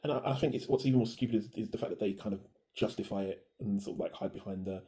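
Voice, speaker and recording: British man with a dark, low voice. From United Kingdom. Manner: halting, repeats words and restarts often. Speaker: co-host. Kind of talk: casual chat.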